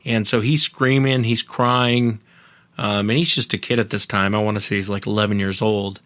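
Male podcast guest, low-pitched, earnest, rambling retellings in a dry, close recording. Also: flat delivery, normal speed, a bit bright, no echo. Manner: earnest, retells others' encounters at length. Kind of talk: casual storytelling interview.

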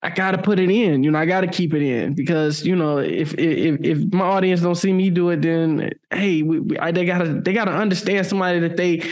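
A man's voice: on the high side, brisk, few pauses. A young adult man hosting a podcast, talking in an earnest, heartfelt and emotional way during a casual interview chat. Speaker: podcast host.

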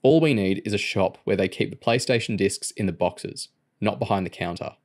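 A confident, scheming teenage boy who lays out his plan with easy assurance, voiced by a man reading an audiobook. The voice sits low and steady, close to the reader's own. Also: normal speed, lightly acted. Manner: confident, explaining.

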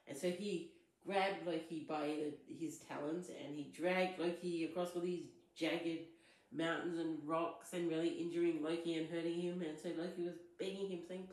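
A woman's voice: low-pitched, fairly even intonation, moderate pace, darkish tone. A woman retelling a myth in a casual, chatty way, as a storyteller. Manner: chatty, loose, with fillers. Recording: very echoey room.

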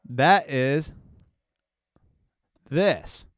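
A man's voice: on the high side, lively intonation, drawn-out words. Chatty man explaining his music production. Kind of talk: casual live production tutorial.

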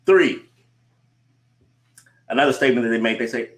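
A man, a coach, giving a motivational talk to a remote audience. He repeats his points and asks the listener rhetorical questions, slowing down to stress key phrases. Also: medium pitch. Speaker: coach and conference speaker. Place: speaking remotely to a virtual audience.

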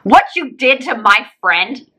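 A woman's voice: a little high, big pitch swings, slow, pushed and bright, slightly rough, poor audio. A woman co-hosting a podcast, talking in a blunt, scornful and sarcastic casual chat. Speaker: podcast co-host.

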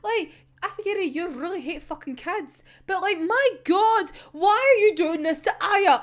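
A woman's voice: very high voice, lively intonation, moderate pace, few pauses. A young Scottish woman reacting to a manga chapter, swearing and exclaiming in exasperation. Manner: swears a lot, laughs and cries out in exasperation. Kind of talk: emotional reaction vlog.

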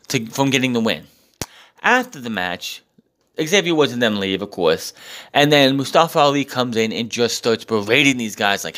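A man's voice: mid-range voice, animated, normal speed, fairly bright tone. A man reviewing a wrestling show in a casual, profane recap, getting exasperated and mockingly acting out what people said. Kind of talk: casual recap with ranting commentary.

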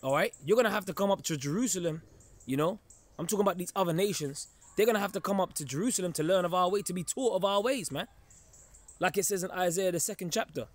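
A man preaching an informal sermon in an emphatic, conversational way, often pausing to check in with his listeners. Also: high-pitched, no echo. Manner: emphatic, keeps checking in with listeners, chuckles darkly.

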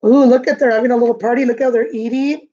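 A woman kindergarten teacher reading a picture book aloud to children, gently explaining words and asking them questions. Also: on the high side, steady tone, fast talker, muffled recording.

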